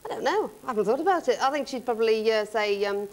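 A woman's voice: fairly high pitch, expressive, fast talker. Woman impressionist chatting on a tv show, laughs a lot, voice all over the place. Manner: chatty, jokey, laughs often. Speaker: singer and impressionist, talk show guest. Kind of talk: casual chat interview.

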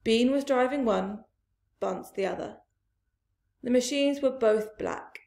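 A woman reads a children's story aloud at a very unhurried pace, slipping into hushed asides. Her fairly high voice has a gravelly, fry-touched texture. The recording sounds roomy and echoey. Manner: slow, expressive reading with hushed asides.

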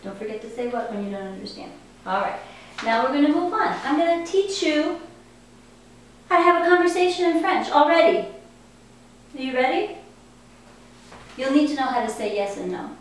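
Woman teacher going slow and encouraging, kinda high voice, echoey room, mic far off. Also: expressive. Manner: slow, encouraging, repeats words for learners. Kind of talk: classroom teaching. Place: classroom. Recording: echoey room, distant mic, faint noise.

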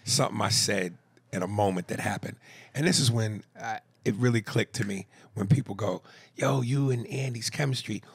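A man co-hosting a podcast, reading a fan email aloud in casual chat, animated and jumping into loud high bits. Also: brisk, husky, no echo. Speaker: podcast co-host.

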